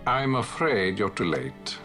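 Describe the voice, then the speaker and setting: A courtly older marquis with a lowish, lively voice that rises and falls through formal, diplomatic phrasing. He sounds like a seasoned politician weighing every word. Game score plays faintly behind him. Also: measured pace. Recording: game audio with music behind.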